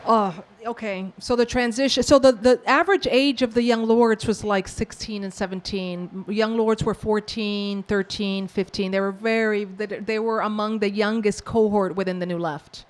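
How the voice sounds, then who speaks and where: A woman from the Bronx, an author and professor, answering audience questions with lively, acted-out storytelling. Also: mid-range voice, normal speed, hardly any pauses. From New York, the Bronx. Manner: animated storyteller who acts out quoted exchanges. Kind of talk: book talk Q&A, storytelling.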